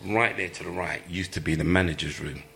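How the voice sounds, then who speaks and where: A former footballer telling lively stories in an interview, laughing often and acting out the people he quotes. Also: sits low, brisk, vocal fry, a little hiss or hum. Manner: animated storyteller, laughs often, acts out quoted voices. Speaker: former professional footballer, guest. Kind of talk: live storytelling interview.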